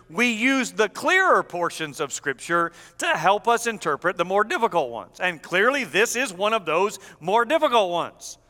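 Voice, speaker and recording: A man's voice: high-pitched, pushed and bright, in a large hall. A man preaching an expository sermon as pastor, teaching with emphatic delivery.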